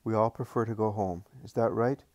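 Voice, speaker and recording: A man reading a gentle serene teacher. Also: fairly low pitch, fairly quick, no room sound, close to an everyday voice. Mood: tender. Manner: calm, tender, reassuring.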